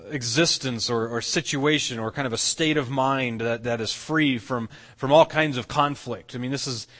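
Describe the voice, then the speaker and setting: A man's voice: mid-range voice, a bit bright, long reverb tail. A man preaching a sermon as pastor, earnest, often restarting and repeating words as he explains. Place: church sanctuary.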